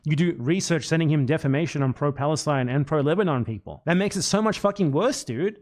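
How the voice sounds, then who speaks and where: A man with a high voice who argues hotly and keeps hammering his accusations. He curses as he presses each point. The tone is confrontational throughout. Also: expressive, quick pace, a little mellow. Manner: heated, accusatory, cursing. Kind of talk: heated online argument.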